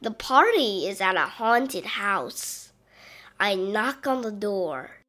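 A woman reading a children's Halloween picture book aloud, slow and expressive, with playful sound effects. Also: medium pitch. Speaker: storybook reader.

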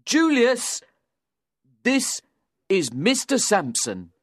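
A man voicing a drunken, unsteady young man who shouts and insists. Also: very high-pitched, wildly swooping pitch, drawn-out words, dry recording, clean studio sound, pitched above the performer's own voice, heavily acted. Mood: shouting.

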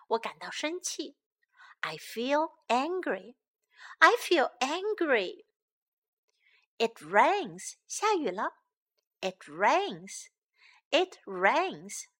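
A woman reading a children's story aloud in English and Chinese, then slowly repeating key phrases for young learners. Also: high voice. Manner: slow, clear, lively, repeats each phrase. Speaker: bilingual children's story teacher. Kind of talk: reading a picture book and drilling phrases.

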